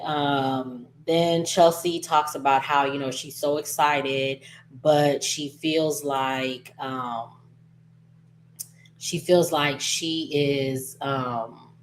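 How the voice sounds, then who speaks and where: A woman's voice: low voice, takes it slowly, slight background noise. A woman casually recapping a soap opera episode, chatty and gossipy, acting out lines and laughing as she goes.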